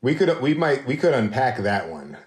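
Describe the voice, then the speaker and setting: A man hosting a conversational podcast interview, relaxed and dotted with fillers. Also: medium pitch, moderate pace, reverberant. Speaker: podcast host.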